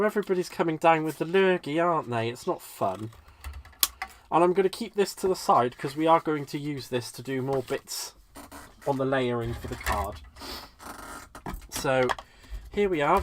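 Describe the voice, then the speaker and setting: British man, stuffy with a cold, higher-pitched, chatty craft-stream host, faint background noise. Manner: chatty, greets viewers, talks through each step. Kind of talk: live crafting tutorial with chat.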